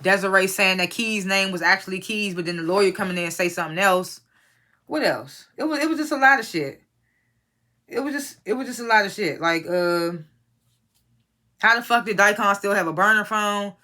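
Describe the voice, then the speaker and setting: Casual show reviewer, bright and forceful tone, rambling and profane, mid-range pitch. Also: normal speed. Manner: rambling, profane, incredulous asides. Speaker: TV episode reviewer.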